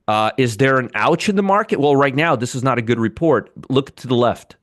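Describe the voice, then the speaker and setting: Man, trading show host, live market commentary, sarcastic, swears, lively pitch, dry sound. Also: brisk, no echo. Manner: banters with live chat viewers; blunt, swears freely.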